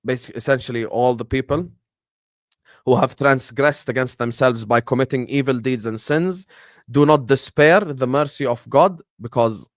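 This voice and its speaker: A man's voice: mid-range voice, dry recording, clean studio sound. A young man in his twenties with a Scouse accent, chatting casually and animatedly with viewers in a live Q&A, full of slang and jokes. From Liverpool, England. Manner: animated, slangy, jokey, reads chat aloud. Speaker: streamer answering viewer questions.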